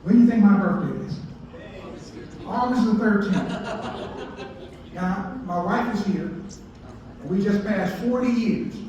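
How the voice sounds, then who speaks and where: A man's voice: high-pitched, a little slow, crowd noise. A man in his sixties, a baseball historian giving a folksy storytelling talk and asking his audience questions. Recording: echoey hall, distant mic, muffled.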